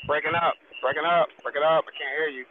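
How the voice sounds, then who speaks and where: A man's voice: on the high side, steady tone, fast talker. A man on a phone call in a debate, talking bluntly and repeating himself. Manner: repetitive, blunt. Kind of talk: casual debate over a call. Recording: tinny phone line with faint hiss.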